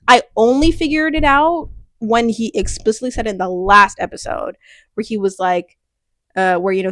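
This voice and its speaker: Young woman, casual rambling chat, lively and laughing, dry close-miked sound. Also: mid-range voice, no echo. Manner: animated, rambling, laughs often, restarts. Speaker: youtuber reviewing a TV finale.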